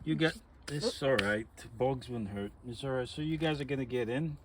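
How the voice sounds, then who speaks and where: A man vlogging outdoors in his garden, patiently encouraging children through a task with a steady, instructive manner. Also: medium pitch, moderate pace, heavy background noise. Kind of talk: casual instructional vlog.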